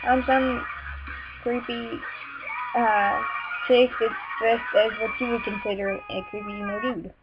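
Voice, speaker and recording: Teenage girl, Southern accent, rambling vlog chat, bright-ish voice, dull webcam audio. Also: on the high side, fairly even intonation. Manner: chatty, frequent fillers, quick irritated asides. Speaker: vlogger. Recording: muffled webcam audio with music behind.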